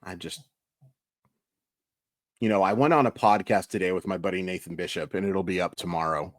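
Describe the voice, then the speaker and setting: A man's voice: low voice, fairly quick, no room sound, clean studio sound. A man hosting a daily baseball recap channel, venting with exasperated emphasis. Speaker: sports YouTuber.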